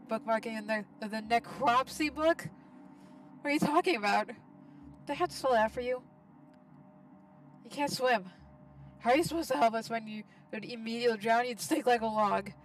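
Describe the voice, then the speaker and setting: A woman voicing a sweet-seeming female cook who is secretly a menacing cannibal, speaking calmly and cheerfully sinister. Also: fairly high pitch, far from the mic, a little hiss or hum, close to an everyday voice, rough recording.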